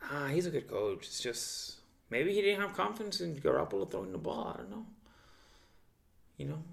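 Gravelly man venting in casual chat. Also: high voice, moderate pace. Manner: profane, animated venting with quoted self-talk. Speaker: podcast co-host, football fan.

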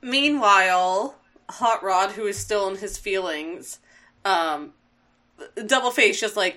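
Podcast co-host, female, bright voice, amused casual recap, quotes characters. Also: medium pitch, unhurried. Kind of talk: casual episode recap chat.

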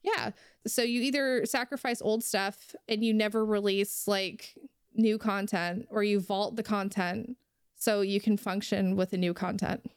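A young woman vents on a casual podcast, heated and quick to swear. Her voice is smooth and clear. It sits close and dry, with no room sound. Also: mid-range voice, fairly even intonation, dry recording. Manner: heated, ranting, swears freely. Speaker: podcast co-host.

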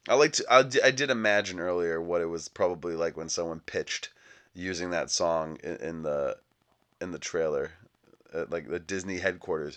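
A man's voice: deep voice, moderate pace, a bit bright. A young adult man hosting a comedic movie podcast, riffing sarcastically and acting out little scenes. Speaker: podcast host.

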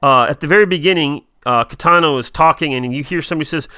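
Man, casual chat, hesitant, bright tone, dry close sound. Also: on the high side, fast, smooth, dry recording. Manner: hesitant, many fillers, reads quotes aloud. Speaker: podcast co-host. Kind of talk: casual chat about a TV episode.

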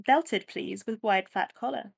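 A woman's voice: medium pitch, unhurried, gravelly. A woman voicing a posh, plummy 1930s English society lady who gives fashion advice. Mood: gushing. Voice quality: plummy, affected.

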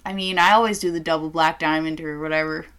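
Brash, bright-voiced young woman. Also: low voice, fairly even intonation, quick pace. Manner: brash, profane and joking. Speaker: podcast co-host. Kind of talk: casual chat.

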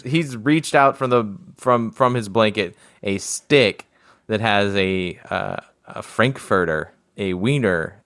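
A man co-hosting a casual podcast chat, describing things in slow, halting phrases and chuckling often. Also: lowish voice, a bit bright, no echo, clean studio sound. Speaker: podcast co-host.

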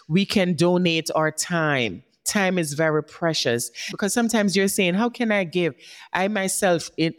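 A woman hosting a podcast who gives a heartfelt motivational talk. She speaks straight to her listeners and often checks in with "right?". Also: low voice. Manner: warm encouraging, speaks directly to listeners, often asks "right?". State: tearing up. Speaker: podcast host.

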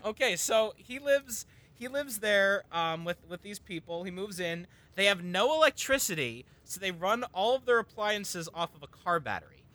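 A man's voice: high-pitched, animated, moderate pace, hardly any pauses, bright, forceful tone. A man telling a long, rambling personal story in a casual chat, full of ums and restarts.

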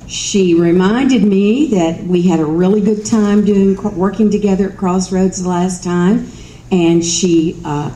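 A middle-aged woman with a Kentucky Southern accent and a low, mellow voice gives a storytelling speech at an event, chatty and self-mocking. The audio has the roominess of a hall with a faint hum of ambience beneath it.

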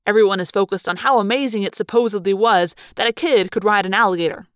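A woman voicing a teenage boy who leads his group, speaking in a serious, measured way in an audiobook. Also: mid-range voice, no echo, studio quality, lightly acted. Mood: reassuring. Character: teenage boy, quiet team leader. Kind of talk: audiobook character reading.

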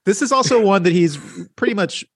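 A man co-hosting a podcast, leading the chat in a laid-back, halting way with fillers. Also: high voice, breathy edge, no echo, clean studio sound. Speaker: podcast co-host.

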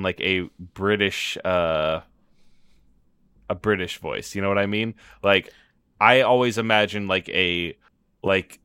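A man co-hosting a comedy podcast in casual chat, animated and laughing often as he mock-rants. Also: on the low side, clean tone, no room sound. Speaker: podcast co-host.

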